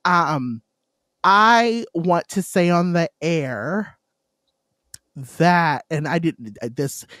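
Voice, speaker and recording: A woman's voice: on the low side, animated, very slow, a bit bright, no echo, clean studio sound. A woman co-hosting a podcast in casual chat, heartfelt and effusive, given to laughing. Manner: emotional, effusive. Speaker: podcast co-host.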